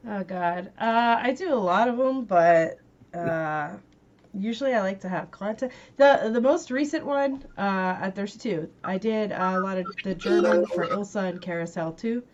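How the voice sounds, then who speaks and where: A woman who acts, chatting in an animated, scattered way on a panel. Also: mid-range voice, normal speed, highs cut off, slight background noise. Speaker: actress guest on a panel. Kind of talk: casual panel chat.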